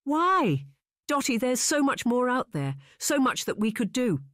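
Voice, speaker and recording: A woman narrator voicing a spirited, gentle young woman who soothes her sister, in an audiobook reading. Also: a little high, sing-song, unhurried, no echo, studio quality, voice pushed up. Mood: indignant. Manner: gentle, then indignant.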